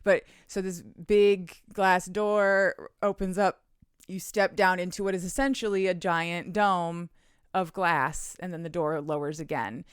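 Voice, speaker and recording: A woman hosts a podcast and chats her way through a book recap in a smooth, resonant voice that sits on the lower side. She swears casually and laughs often, and the sound is close and dry. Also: dry recording. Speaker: podcast host. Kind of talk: casual chat recapping a romance novel.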